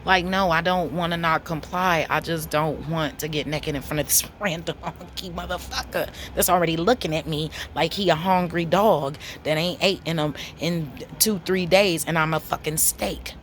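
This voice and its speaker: A woman, telling a story to camera in a blunt, profane, animated way. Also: low voice, moderate pace, few pauses, slight background noise. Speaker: vlogger.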